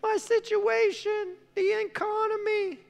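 Man putting on a whiny panicky worrier, squeaky high voice, hall echo, quiet music behind. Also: level tone, takes it slowly, gravelly, full character voice. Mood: whining. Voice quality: high strained whine. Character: panicky whining fearful person making excuses. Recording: long hall reverb, faint music.

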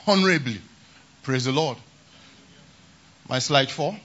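A man's voice: fairly high pitch, lively intonation, moderate pace, a bit bright, slightly rough, lo-fi sound. A man preaching a sermon at a conference, emphatic and often repeating a refrain of praise. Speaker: pastor. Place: large conference hall.

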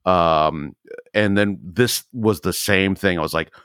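A man in casual podcast chat, telling stories with animated asides and quoted reactions. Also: slow pace, clean tone, no echo, studio quality. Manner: animated storyteller, jumps high when quoting himself. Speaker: podcast co-host.

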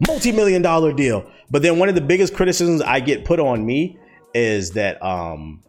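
A man's voice: fairly high pitch, animated, moderate pace. A young man, a streamer, ranting casually and bluntly with lots of profanity while answering viewer questions. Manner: profane, blunt, heated storytelling. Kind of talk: casual rant.

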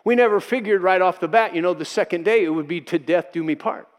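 High-voiced male pastor preaching emphatically. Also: fast. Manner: emphatic, repeats key phrases for effect; acts out quoted voices in his preaching. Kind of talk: sermon.

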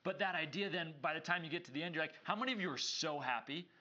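Male co-host, seminary teacher type, bright and forceful, acts out the dialogue, dull lo-fi sound. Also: a little high, fast. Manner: animated storyteller who acts out dialogue. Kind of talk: casual scripture discussion.

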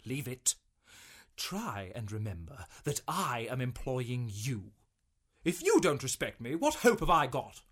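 A man's voice: mid-range voice, big pitch swings, measured pace, a bit bright. An actor playing a vain, pompous male writer in a radio sitcom, speaking theatrically. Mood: haughty.

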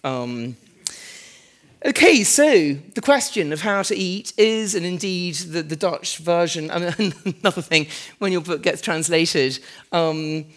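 A woman architect and author giving a live, conversational lecture in a large converted warehouse, chatty and self-deprecating with frequent "um"s and asides. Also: lowish voice. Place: large former fruit warehouse event space.

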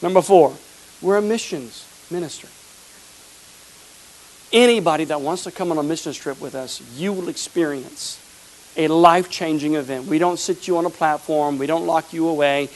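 A middle-aged man preaching a lively sermon as pastor of his church, acting out the people in his stories. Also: on the high side, moderate pace, poor audio. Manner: animated preaching, acts out quoted people. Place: church sanctuary.

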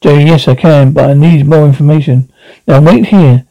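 A man voicing a calm, curious traveller who asks brisk, reassuring questions. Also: fairly high pitch, creaky, no room sound, dull audio.

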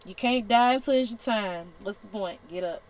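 A woman's voice: medium pitch, moderate pace, poor audio. A woman hosting a podcast, giving a faith-based motivational talk in an emphatic, exhorting, colloquial way. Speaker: podcast host.

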